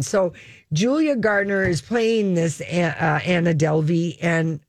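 A woman's voice: lowish voice, measured pace, dry recording. A woman hosting a show, rambling through gossipy entertainment chat with lots of fillers. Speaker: radio show host.

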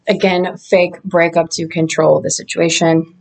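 A woman's voice: on the low side, normal speed, darkish tone. A woman vlogger telling her own story in a candid, reflective way, with loose casual phrasing. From Indiana. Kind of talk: casual first-person storytelling.

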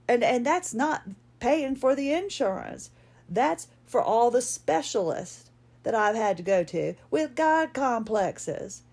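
A woman's voice: on the high side, animated, takes it slowly, a little mellow. A middle-aged woman, hosting a podcast, talking in a casual, rambling personal monologue full of restarts. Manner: chatty, rambling, frequent restarts and laughs. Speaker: podcast host.

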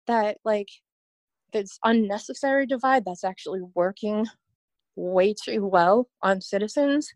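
A woman's voice: medium pitch, dry recording. A woman guest on a podcast, talking in a rambling, earnest way and laughing often. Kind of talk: casual podcast chat.

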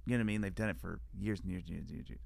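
A man with a very low, gravelly voice chats playfully, rambling through jokes and asides. He sounds close and dry, with no room around him. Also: steady tone, racing, darkish tone, no room sound. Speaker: podcast guest. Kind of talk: casual comedic chat.

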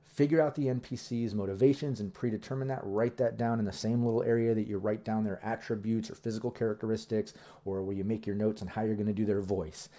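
A man who runs tabletop games, giving casual advice in a rambling, relaxed way full of ums and you-knows. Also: on the low side, quick pace, few pauses. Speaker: game master giving tips. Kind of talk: casual instructional talk.

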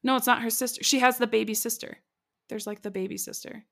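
A woman's voice: a little high, steady tone, fast talker, creaky, a bit bright. A woman co-hosting a podcast, recapping a TV show in casual, giggly chat full of fillers. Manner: chatty and giggly, many "like"s. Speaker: podcast co-host.

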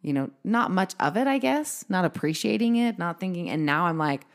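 A woman's voice: fairly low pitch, expressive, brisk. A woman hosting a podcast in casual conversation, chatty and laughing often as she talks. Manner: chatty, laughs often, quotes herself in asides. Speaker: podcast host.

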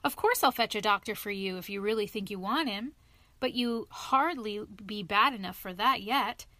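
A woman's voice: medium pitch, normal speed, pushed and bright, no echo, lightly acted. A woman reading a storybook, voicing a kindly, practical male water rat who talks in a hearty, bracing way. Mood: hearty, brisk.

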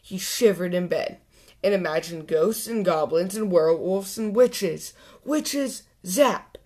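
A woman hosting a children's story channel, reading a picture book aloud clearly and expressively. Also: on the low side, unhurried, warm tone.

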